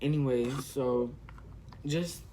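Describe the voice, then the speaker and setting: Sassy, profane teen vlogger. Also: male voice, medium pitch, takes it slowly, noisy background. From California. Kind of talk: storytime while doing makeup.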